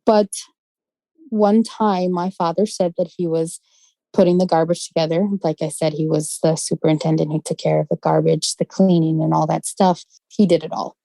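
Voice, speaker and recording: With a deep, creaky voice at normal speed, a woman from West London tells a ghost story from her childhood as a guest storyteller. Her casual delivery is animated, and she acts out quoted voices. The recording is rough, with no room sound.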